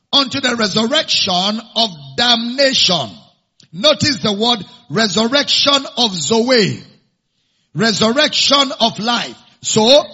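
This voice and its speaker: Slow, high-voiced preacher with a husky tone. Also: male voice, pushed and bright. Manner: repeats each verse reference and key phrase, urges listeners to follow along. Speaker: pastor. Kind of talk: teaching sermon. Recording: dull lo-fi sound.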